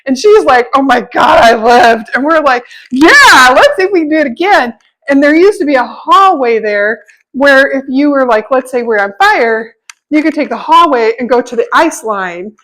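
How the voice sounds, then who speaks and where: A middle-aged woman talks to her camera in a loose, rambling vlog, laughing often as she tells her stories. Her voice sits high and bright. She slips into other people's voices when she quotes them. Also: lively intonation, moderate pace, rough recording. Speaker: vlogger. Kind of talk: casual storytelling vlog.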